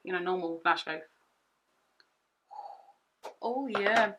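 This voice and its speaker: A young woman chatting through a makeup tutorial at home, excitable and rambling, often repeating herself. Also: lowish voice, takes it slowly. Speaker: beauty vlogger.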